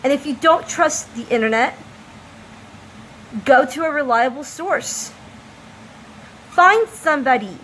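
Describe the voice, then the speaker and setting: High-voiced woman giving an impassioned opinion. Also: animated, a bit bright, a little hiss or hum, rough recording. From United States. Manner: impassioned, emphatic, slow deliberate delivery. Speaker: vlogger. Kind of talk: opinion monologue to camera.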